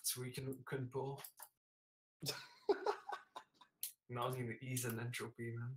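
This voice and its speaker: A man's voice: mid-range voice, slow pace, slight background noise. A young man chatting casually over a headset while raiding in an online game, laid-back and dry. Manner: flat, laid-back, says "man" a lot. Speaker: raid streamer. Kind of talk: casual gaming voice chat.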